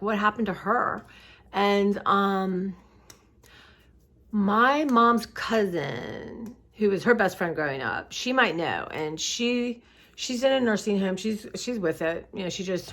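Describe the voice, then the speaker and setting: A woman's voice: medium pitch, animated, unhurried, a bit bright. A middle-aged woman vlogging in a casual, rambling way, reflective and heartfelt, tired and close to tears. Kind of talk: casual personal vlog chat.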